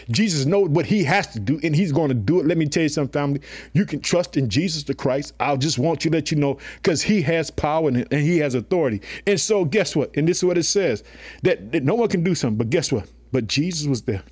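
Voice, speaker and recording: A man's voice: a little high, lively intonation, fairly quick, darkish tone, breathy edge. A man preaching a sermon in a colloquial, emphatic way, calling his listeners family and often saying "guess what" and "let me tell you something.".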